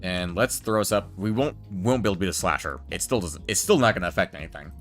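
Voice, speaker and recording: Low-voiced man chatting over gameplay. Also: quick pace, a bit bright, soft background music. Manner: chatty, joking, talks to chat. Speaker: gameplay streamer. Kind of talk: relaxed gameplay commentary.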